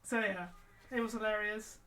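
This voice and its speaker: A woman's voice: mid-range voice, steady tone, moderate pace, a bit bright. A woman with a mixed British, American and Mancunian accent, chatting casually and rambling while she works on cosplay during a live stream. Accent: mixed British and American with Mancunian traces. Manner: rambling, chatty, trailing off mid-sentence.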